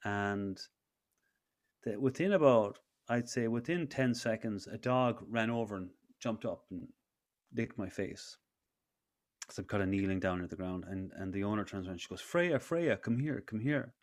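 A man's voice: lowish voice, moderate pace. A man in his thirties, a breathwork facilitator, telling a personal story in a casual interview with many restarts. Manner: rambling with frequent restarts.

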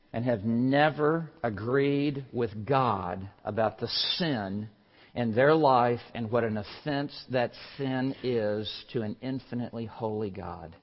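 A male pastor preaching a sermon, swinging from low, hushed passages to loud, forceful exclamations and leaning slowly on single words. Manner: slow, deliberate emphasis on single words. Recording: muffled sermon recording in a large reverberant hall.

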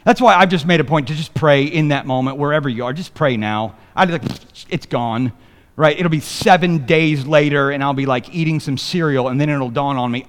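A man's voice: on the high side, normal speed, in a large hall. A man preaching a sermon as pastor, reading scripture and joking with the congregation in a loose, conversational way. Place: church sanctuary.

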